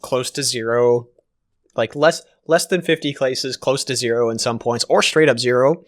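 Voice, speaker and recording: A man's voice: medium pitch, moderate pace. A young Canadian man co-hosting a podcast in casual chat, joking and swearing with mock exasperation. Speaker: podcast co-host.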